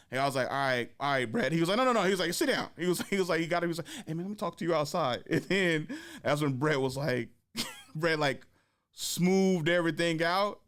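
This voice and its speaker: A male comedian hosting his own show, with a smooth, clear voice. He tells stories animatedly, slipping into the voices of the people he quotes. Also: mid-range voice. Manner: animated, acts out quoted voices, laughs often. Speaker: podcast host and stand-up comedian. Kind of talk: casual storytelling chat.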